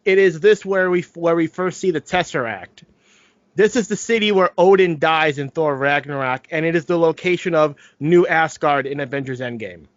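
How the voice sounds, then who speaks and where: A man's voice: on the high side, moderate pace, no room sound. Dry lo-fi man recapping a movie. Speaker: podcast co-host. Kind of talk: casual chat and plot recap.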